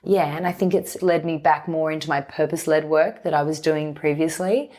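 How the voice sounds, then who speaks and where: A woman in her 30s appears as a podcast guest in a candid conversational interview, speaking openly and reflectively in long, flowing runs. Her voice is deep and darkish, and she talks fairly quickly.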